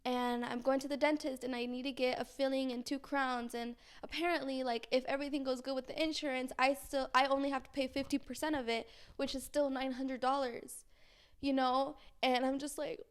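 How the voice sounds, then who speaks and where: A woman's voice: sits high, flat delivery, fairly quick, clean tone. A young woman talking in a casual confessional vlog, earnest and anxious, rambling with many fillers and restarts. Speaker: vlogger.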